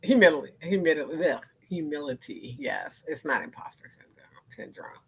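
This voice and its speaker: Animated woman in her fifties. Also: deep voice, moderate pace, slightly rough, low-quality recording. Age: 50s. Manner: animated, acts out quoted voices, laughs often. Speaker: arts organization founder, guest speaker. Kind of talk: candid panel conversation.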